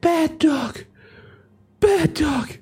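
A man voicing a panicked, wounded gunman in a shrieking falsetto. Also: animated, extremely slow, a little mellow, heavily acted. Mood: whimpering.

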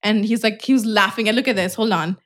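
A woman co-hosting a podcast, telling a story in a casual, animated way, swearing and laughing often. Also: medium pitch, fast. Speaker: podcast co-host. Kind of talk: casual chat.

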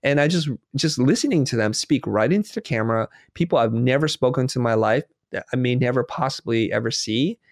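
A man's voice: medium pitch, lively intonation, brisk, hardly any pauses, no room sound, clean studio sound. A man being interviewed who talks earnestly, telling stories and quoting himself and others as he reflects. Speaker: guest.

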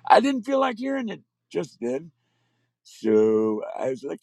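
Man, personal storytelling, acts out quoted voices, lively pitch, dry close sound. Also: a little slow, no room sound.

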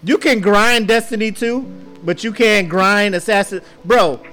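A man co-hosting a podcast in casual chat, telling profane, animated stories and acting out the dialogue. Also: high-pitched, unhurried, faint music behind. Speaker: podcast co-host.

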